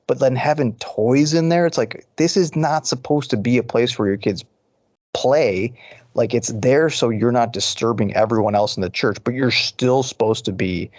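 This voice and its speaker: A man's voice: mid-range voice, normal speed, darkish tone, no room sound. A man co-hosting a casual podcast, earnest and conversational, often restarting his sentences. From Detroit area. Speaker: podcast co-host. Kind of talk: casual chat.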